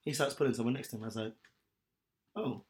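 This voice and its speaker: This man speaks in a mid-range voice and talks fast. Co-hosting a podcast, he spins a lively story in loose conversation, laughing a lot along the way.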